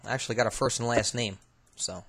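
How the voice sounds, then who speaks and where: A man's voice: mid-range voice, breathy edge. Man casually talking through recordings. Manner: relaxed, halting, thinking aloud with fillers. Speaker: paranormal investigator host. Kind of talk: casual commentary reviewing recordings.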